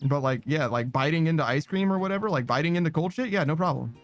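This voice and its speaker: A man's voice: fairly high pitch, expressive, fast talker, faint music behind. A man chatting casually while streaming a game, rambling, swearing and laughing at himself. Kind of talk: casual chat while gaming.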